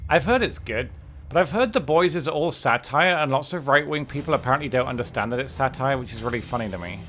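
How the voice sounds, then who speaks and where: A man's voice: medium pitch, expressive, quick pace, fairly bright tone. A young adult man chatting casually and wryly on a livestream while playing a game, often restarting his sentences. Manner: rambling, self-correcting, wry. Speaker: streamer.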